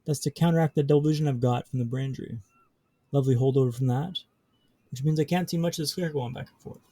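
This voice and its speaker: A man's voice: medium pitch, fast talker, warm tone, dry recording. A man speaking as a podcast guest, telling a story dramatically with rhythmic repetition and wry humor.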